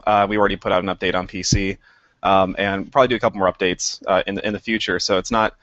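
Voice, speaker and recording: Speaking quickly in a low, fairly even voice with a bit of brightness, a game director guest rambles through a casual interview and laughs at himself. The dry, slightly dull podcast audio has no echo.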